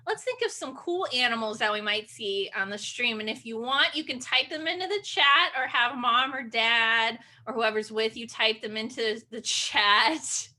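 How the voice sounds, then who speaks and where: A woman's voice: a little high, normal speed, few pauses, pushed and bright. A woman leading an online children's sing-along, speaking in a playful, encouraging way with gasps and animal noises over a video call.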